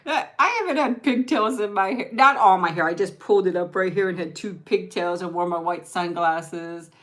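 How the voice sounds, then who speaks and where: A woman's voice: lowish voice, normal speed, a bit bright. A woman vlogger chatting casually with viewers over lunch. She rambles, restarts her sentences and thanks people by name. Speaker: vlogger hosting an eat-with-me stream. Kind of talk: casual livestream chat.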